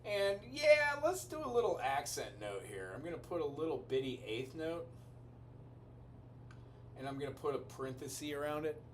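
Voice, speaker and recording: A man's voice: fairly high pitch, very animated, moderate pace, slight background noise. A man giving a casual music lesson, explaining chords and melody as he thinks aloud. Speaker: music teacher. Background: piano music.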